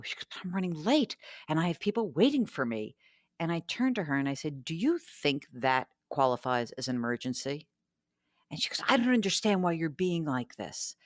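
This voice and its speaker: A woman hosting a radio show about money, telling a story and reading listener mail in a chatty, animated way. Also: deep voice, dry recording, studio quality. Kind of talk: casual radio talk.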